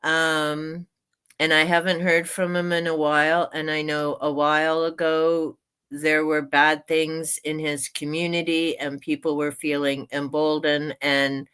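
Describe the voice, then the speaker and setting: A woman's voice: low-pitched, level tone, measured pace, a bit bright, clean tone. A woman hosting a casual livestream, chatty and laughing often as she drifts into rants. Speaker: streamer and author hosting a reading sprint.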